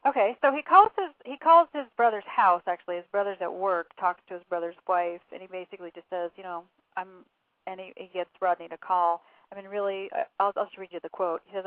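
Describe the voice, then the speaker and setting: A woman's voice: mid-range voice, quick pace, no room sound. Woman telling a story over a phone line. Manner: recounting events with quoted dialogue and fillers. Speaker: author and interview guest.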